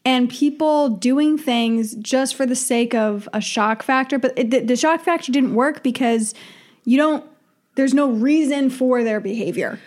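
A woman's voice: high voice, a little slow, a little mellow. A woman co-hosting a casual film review chat, laughing often and quoting lines mockingly. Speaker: podcast co-host.

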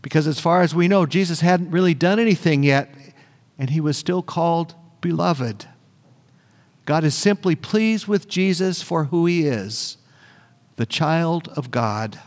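A man's voice: on the high side, a little slow. A male pastor preaching a sermon, earnest and emphatic, repeating phrases for weight. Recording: long church reverb.

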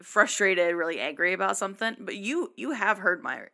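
A woman speaking in an unhurried, soft-spoken way in a casual podcast chat. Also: medium pitch, lively intonation, vocal fry.

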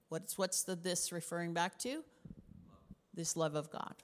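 Middle-aged Canadian woman pastor, lower voice, expressive sermon delivery with dips into whispers, echoing hall. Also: measured pace, pauses often. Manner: expressive, drops to whispers for emphasis.

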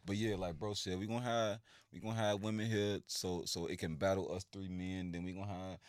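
A man co-hosting a podcast in casual chat, laid-back, who breaks into loud high laughs. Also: level tone, brisk, clean tone, no echo. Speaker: podcast co-host.

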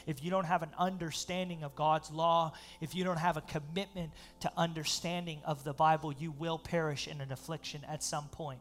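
A male pastor preaching a sermon, reading scripture aloud and breaking into animated, laughing asides. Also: fairly high pitch, brisk, few pauses.

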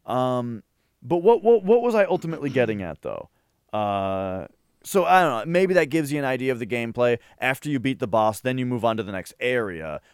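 A man in a casual podcast chat who rambles excitedly, with lots of fillers and restarts. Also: mid-range voice, brisk, smooth, no echo, clean studio sound. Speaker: podcast co-host.

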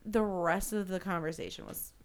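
A woman's voice: on the low side, moderate pace, slight background noise. Rambling, laughing woman in casual chat. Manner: rambling, self-deprecating, laughs often. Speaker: podcast co-host.

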